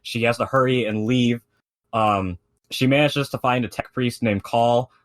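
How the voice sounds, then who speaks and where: A man's voice: mid-range voice, fairly even intonation, measured pace. Man, casual podcast chat, rambling, lots of ums and likes, profane. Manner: rambling, profane retelling with many fillers. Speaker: podcast co-host explaining lore.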